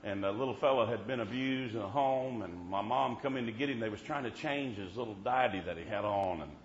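A man's voice: on the low side, a little fast, a little hiss or hum. A man preaching a folksy storytelling sermon at a revival meeting in a church, dropping in "Amen" often. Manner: folksy, punctuates with "Amen", preaches with rising fervor. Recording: roomy, dull church recording.

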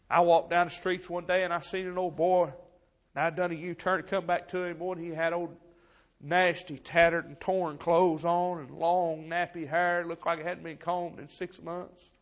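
A preacher man delivers a fiery sermon, his voice sitting a little high. He rises to loud, urgent exhortation, then drops to hushed, grieving storytelling. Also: steady tone, normal speed, long pauses. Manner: impassioned, swings from shouting to hushed storytelling.

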